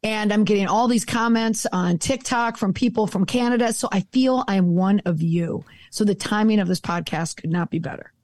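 A woman's voice: medium pitch, moderate pace, few pauses, darkish tone, dry recording. An American woman chatting as a podcast guest, enthusiastic and emphatic about crisis communication. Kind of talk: casual podcast chat.

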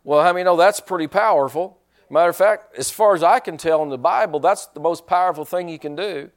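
A man's voice: a little high, a little fast. Folksy preacher man. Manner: folksy, joking, with many restarts. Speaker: pastor. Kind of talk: sermon.

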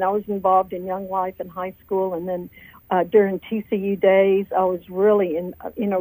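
A woman's voice: medium pitch, mellow, no echo, low-quality recording. Chatty woman telling her story. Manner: chatty, earnest, tells stories with quoted dialogue. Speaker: author and guest. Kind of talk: radio interview storytelling.

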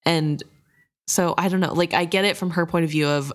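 A woman with a notably low voice discusses a novel in a casual podcast chat. She weighs each character's motives in a thoughtful, conversational way. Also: steady tone, fairly quick.

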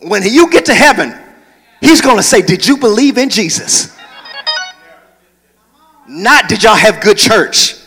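A man preaching a sermon from the pulpit of a large church, moving between conversational talk and loud hollering. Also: high-pitched, animated, a little slow, pauses often, husky, long reverb tail, faint music behind. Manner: preaching, shifts into hollering whoops. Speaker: pastor.

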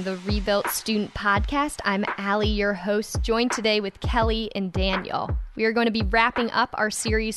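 A woman's voice: mid-range voice, fairly bright tone. A woman hosting a podcast, chatting casually and laughing easily with her co-hosts. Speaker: podcast host. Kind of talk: casual chat.

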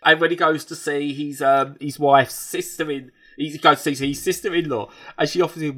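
A man from England reviewing a TV show in casual, animated chat, rambling with frequent restarts. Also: fairly high pitch, moderate pace, hardly any pauses.

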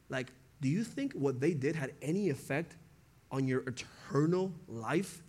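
A man's voice: medium pitch, lively intonation, unhurried, darkish tone, slightly rough. A young man preaching a casual sermon, talking conversationally, acting out quotes and laughing often.

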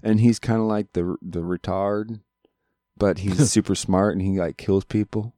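A man's voice: lowish voice, steady tone, unhurried, mellow, dry recording, studio quality. A man in his thirties co-hosting a podcast, chatting loosely with lots of swearing and rambling. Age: 30s. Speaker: podcast co-host. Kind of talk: casual chat.

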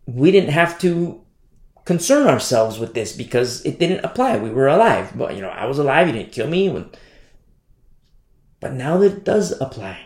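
A man's voice: medium pitch, a little mellow, echoey room. A man preaching a sermon in an emphatic way, repeating phrases and often asking "you see?".

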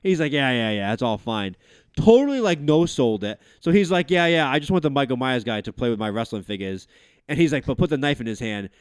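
A man's voice: mid-range voice, fairly quick, clean tone, dry recording, studio quality. A man in his thirties hosting a podcast, telling rambling family stories with lots of fillers and swearing. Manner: animated storyteller, swearing, many fillers. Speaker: podcast host. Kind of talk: casual chat.

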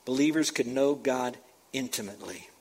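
A man preaching a sermon, stressing his points loudly, dropping to quiet asides, and breaking into the scripture he reads with comments. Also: moderate pace, slightly rough. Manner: emphatic, swinging between loud punches and low asides. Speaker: pastor.

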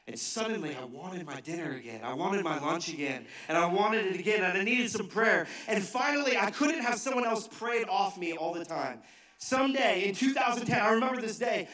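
Man preaching in an echoey church hall. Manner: swings from shouted emphasis to hushed low asides. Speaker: pastor. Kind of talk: sermon. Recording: echoey hall, mic from a distance.

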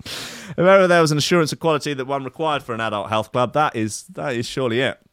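A man reads the news on a comedy podcast, breaking off into wry, mocking asides and giggles. His mid-pitched voice is smooth and clear. It is recorded close and dry. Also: brisk, a bit bright, no room sound. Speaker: podcast host. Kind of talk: comedic news-reading chat.

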